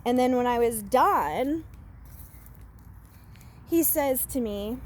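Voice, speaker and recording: A woman vlogging casually while walking outdoors in the woods. She talks in an expressive, engaging way, with lots of fillers. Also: a little high, slow pace, pauses often, a little hiss or hum. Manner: expressive, animated delivery with many fillers. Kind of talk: casual walk-and-talk vlog.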